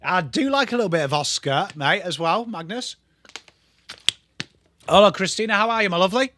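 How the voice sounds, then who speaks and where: A man's voice: high-pitched, animated, brisk, pushed and bright. A young man hosting a live football watchalong, calling the play and chatting with viewers in a casual, swearing, bantering way. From England. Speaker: watchalong host.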